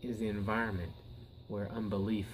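A man's voice: fairly low pitch, level tone, a little fast, a little hiss or hum, low-quality recording. Earnest preacher man, emphatic bursts. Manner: earnest, repeats words and restarts, rises to emphatic peaks. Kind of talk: Bible teaching sermon.

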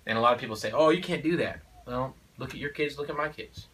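Talking fast in a mid-range, slightly bright voice, a man who is a father of four lays out his parenting views casually but in an emphatic, preachy manner, peppering his speech with "you know" and "okay?". He's far from the mic, and the poor audio has slight background noise.

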